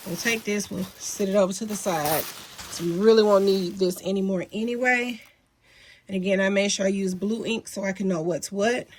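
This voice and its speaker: A woman's voice: medium pitch, slight background noise. A woman hosting a casual sewing tutorial at home, chatty and folksy with apologetic asides, a little sniffly, recorded on a phone by her sewing machine. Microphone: phone mounted near sewing machine.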